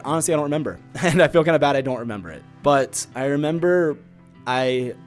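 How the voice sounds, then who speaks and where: A male podcast host and streamer talking openly about his own experiences, loose and conversational, dropping "like" all the time. His voice sits at an ordinary middle pitch. Soft guitar music plays quietly underneath. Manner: candid and confessional, many filler likes. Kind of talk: casual personal storytelling.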